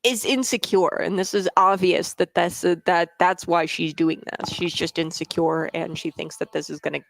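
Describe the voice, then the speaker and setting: Gravelly-voiced opinionated radio host. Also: mid-range voice, fairly even intonation, normal speed, fairly bright tone, no room sound. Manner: emphatic, repeats points, fillers. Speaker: radio talk show host. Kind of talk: opinion commentary.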